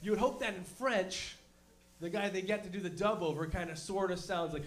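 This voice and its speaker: High-voiced profane comic. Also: male voice, a little fast. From Canada. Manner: profane, animated storytelling with mock voices. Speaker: stand-up comedian. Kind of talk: stand-up comedy set.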